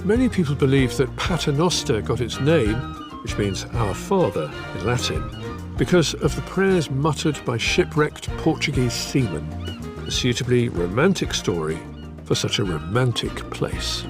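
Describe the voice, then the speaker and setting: A man giving a wry, measured scripted voice-over for a travel show. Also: mid-range voice, big pitch swings, music in the background. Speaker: presenter. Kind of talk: scripted narration.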